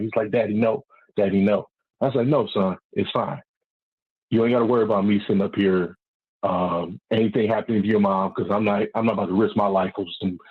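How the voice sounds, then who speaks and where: A man calling in to a talk show, telling a long story in a rambling, animated way and swearing freely. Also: lowish voice, husky, no room sound. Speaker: caller. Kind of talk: casual storytelling on a call-in show. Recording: muffled phone line.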